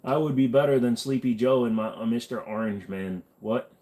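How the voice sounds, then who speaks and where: A man at an ordinary mid pitch, chatting loosely on his livestream. He rambles and trails off, filling gaps with easygoing fillers. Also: normal speed, mellow. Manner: rambling, laid-back, many fillers. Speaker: host. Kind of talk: casual livestream chat.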